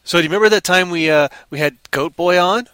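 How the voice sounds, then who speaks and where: A man's voice: sits high, fast, a bit bright, clean tone, no room sound. A man co-hosting a casual chat, rambling and riffing playfully on jokes. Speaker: podcast co-host.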